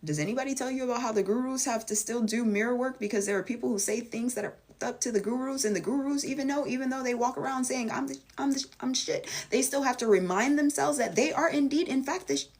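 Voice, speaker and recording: A woman's voice: fast talker, hardly any pauses, a little mellow. A woman talking to her viewers in a casual spoken monologue as a vlogger and life coach, blunt and emphatic, swearing freely and acting out quoted voices. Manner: acts out quoted voices with big jumps in pitch.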